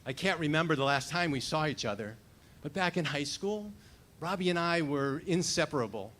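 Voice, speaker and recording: A man's voice: a little high, animated, moderate pace, fairly bright tone. A man in his fifties performing a personal story at a storytelling slam, wry and reflective. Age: 50s.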